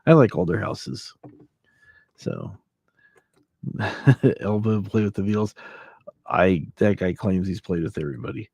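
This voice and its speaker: Guy doing a late night stream, kinda low mellow voice, a bit scratchy, laughs a lot. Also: very animated, unhurried, creaky, pauses often, slightly rough, no echo, studio quality. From Southern California. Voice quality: slightly scratchy. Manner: rambling, laughs often, chats with viewers. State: scratchy throat from allergies. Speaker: livestream host. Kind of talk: casual late-night chat. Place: old house.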